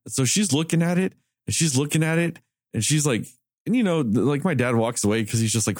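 A man swapping stories on a podcast, his pitch swinging widely as he acts out what people said. He swears freely and keeps it casual. The sound is close and dry, with no room around him. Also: normal speed, long pauses, no room sound. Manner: animated, swearing, quotes people in raised voice. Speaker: podcast co-host. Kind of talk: casual storytelling chat.

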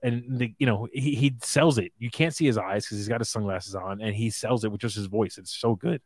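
A man's voice: on the low side, darkish tone, no room sound. A man co-hosting a podcast, talking enthusiastically about films, often restarting his words. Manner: enthusiastic, fast, trips over words. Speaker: podcast co-host. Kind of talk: casual movie chat.

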